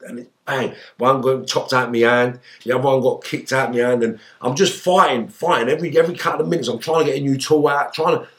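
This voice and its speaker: A man's voice: medium pitch, quick pace, few pauses. A man telling stories in a casual interview, swearing a lot and acting out his own outbursts. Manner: animated storyteller, shouting out quoted outbursts, heavy swearing. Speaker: interview guest, former gangster.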